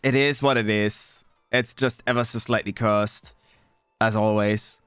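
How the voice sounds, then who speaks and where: A man's voice: fairly even intonation, a little slow, fairly bright tone, clear, resonant tone, no echo, faint music behind. Scatterbrained young male streamer, dry sound. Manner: scattered and exasperated, swearing at tech trouble; jumps between mumbles and high squeaky outbursts. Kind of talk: live stream chat with viewers. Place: home streaming setup.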